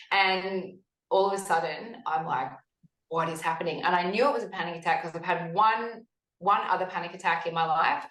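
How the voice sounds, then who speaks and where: Woman, forties, low-ish voice, health practitioner guest, animated storyteller, echoey room. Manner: animated storytelling, acts out her own past thoughts. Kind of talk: conversational interview.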